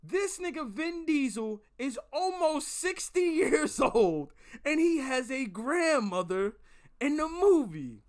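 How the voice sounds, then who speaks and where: A man voicing his outraged male friend yelling a rant down the phone. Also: extremely high pitch, big pitch swings, slow pace, pitched above the performer's own voice, heavily acted. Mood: furious. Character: furious young male friend ranting on phone.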